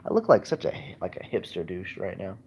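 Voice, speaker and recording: A man chatting casually and candidly from bed on a livestream, halting and self-deprecating, recorded on a dull lo-fi track with faint hiss. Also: low voice, very animated. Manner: hesitant, halting, lots of fillers and restarts. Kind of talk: casual rambling livestream chat. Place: in bed at home.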